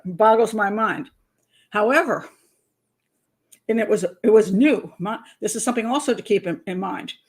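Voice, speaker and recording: True crime host, female, mid-pitched and gravelly, chatty and digressive, quick to laugh. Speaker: criminal profiler host.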